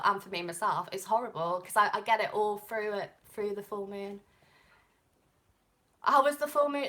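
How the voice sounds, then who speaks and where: Bright-voiced chatty Englishwoman with an English accent. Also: medium pitch. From England. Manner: rambling, goes off on tangents. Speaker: tarot reader. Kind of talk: chatty live-stream talk.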